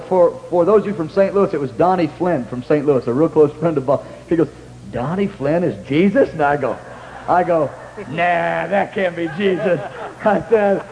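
A man's voice: on the high side, moderate pace, darkish tone, in a large hall, lo-fi sound. A man preaching in a storytelling style, rambling through anecdotes with restarts and acting out what others said. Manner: rambling anecdotes with many restarts and acted-out quotes. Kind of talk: storytelling sermon.

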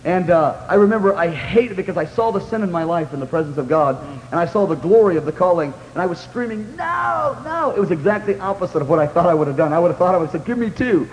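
A man with a high voice tells his story to a congregation in earnest, halting bursts. He stops and restarts his sentences and breaks into shouts at the peaks. The sound rings through a reverberant hall over a faint hum. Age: young adult. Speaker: preacher. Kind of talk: sermon testimony.

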